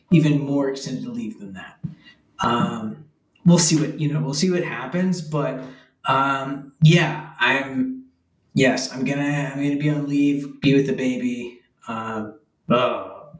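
Young guy rambling and laughing a lot, sounds far off in an echoey room. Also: medium pitch. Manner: rambling, many fillers, laughs often. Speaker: interview guest, expecting father. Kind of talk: casual conversational interview. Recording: roomy, from a distance.

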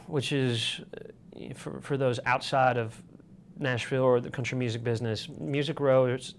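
Brief: man from Michigan, mid-pitched guest, loose rambling storyteller. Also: a little hiss or hum. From Michigan, USA. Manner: rambling, with filler words and restarts. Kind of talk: casual storytelling.

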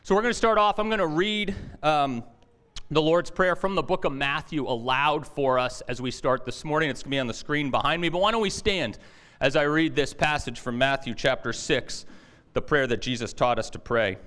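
Pastor, male: casual, chatty sermon delivery, soft and slow when he prays. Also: fairly high pitch, clean tone. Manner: conversational, with fillers and restarts; hushed and slow in prayer.

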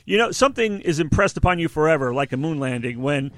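A man's voice: on the high side, lively intonation, quick pace, fairly bright tone, no echo. A man in his sixties hosting a casual podcast chat, rambling and laughing at his own asides. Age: 60s. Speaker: podcast host.

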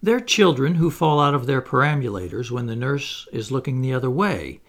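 Man reading as a cocky, carefree boy in a storybook, gravelly, husky, with a lively swooping voice. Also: medium pitch, normal speed. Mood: cheerful. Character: boastful, cheerful boy who never grows up.

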